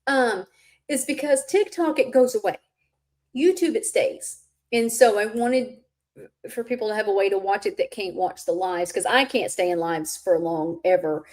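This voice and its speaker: A woman's voice: mid-range voice, moderate pace, darkish tone. A woman hosting a casual livestream chat, speaking candidly and sometimes with rising emphasis, a little stuffy from allergies. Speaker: host.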